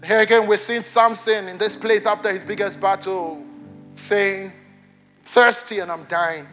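A high, bright male voice delivers a church sermon, joking easily with the room before building to loud, fervent emphasis. Faint music plays underneath him. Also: steady tone, a little slow. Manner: playful, conversational, rising to loud emphatic preaching. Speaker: pastor.

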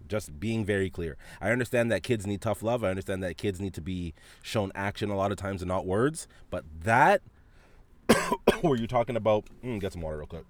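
A male podcast host telling a story as a profane, animated rant, coughing now and then from a dry throat. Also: low voice. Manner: profane, animated, frequent restarts.

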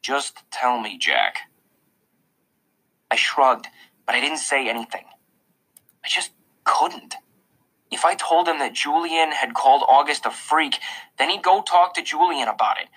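A man narrating a children's novel in the first person, with an expressive storytelling delivery. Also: a little high, normal speed, slightly rough, rough recording. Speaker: audiobook narrator.

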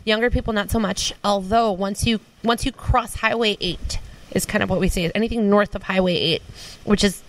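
A speaker from Minneapolis, chatting casually. The talk is hesitant, with repeated words and short agreeing replies. The voice sits at a mid pitch. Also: normal speed, fairly bright tone. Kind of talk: casual chat.

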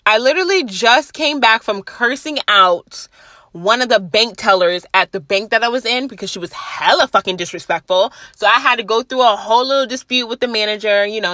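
A woman's voice: on the high side, sharp tone, no echo. Blunt, foul-mouthed young woman ranting. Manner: blunt, profane, chatty rants; laughs at herself mid-sentence. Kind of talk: casual talk to camera.

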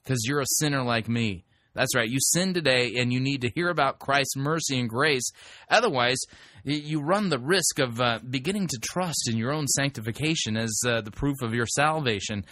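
A man's voice: mid-range voice, expressive, moderate pace, sharp tone, no room sound, studio quality. A man hosting a talk radio show, speaking in an emphatic, conversational way with frequent restarts.

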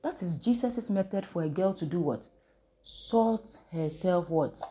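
This woman preacher's lowish, dark-toned voice carries lively intonation at an unhurried pace. As she teaches Bible lessons, she throws questions out to the listeners and waits for them to reply, call-and-response style.

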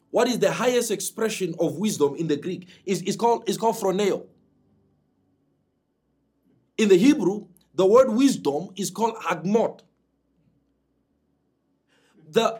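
A man preaching a sermon to a congregation with emphatic delivery and dramatic swings in pitch. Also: darkish tone, slightly rough.

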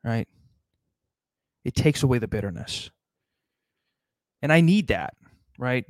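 A man's voice: medium pitch, lively intonation, takes it slowly, long pauses, a little mellow, no room sound. A man delivering a rambling, sardonic comedic monologue, swearing constantly as he riffs.

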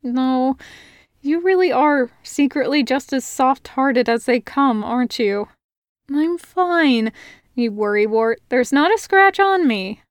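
A spirited young village woman from a fairy-tale audiobook, teasing and stubborn, her voice lifted high and lively, as a woman narrator puts her on. She laughs off danger and speaks with warm, firm insistence, in a dry, close reading. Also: unhurried, smooth, no echo. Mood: soothing teasing. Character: bold cheerful young human woman, teasing.

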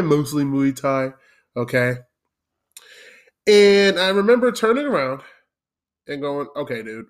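Profane, laughing man telling a story. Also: fairly high pitch. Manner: profane, laughs often, acts out others' lines. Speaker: podcast host telling a story. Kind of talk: casual comic storytelling.

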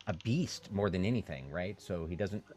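A man running a tabletop game as game master, halting, with many fillers and restarts. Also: low-pitched, expressive, darkish tone.

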